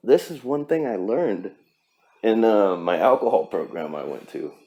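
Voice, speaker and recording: A man's voice: lowish voice, expressive, slow pace, mellow. Blunt, cussing male podcast host. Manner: blunt, profane, pep-talk delivery. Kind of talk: casual motivational podcast monologue.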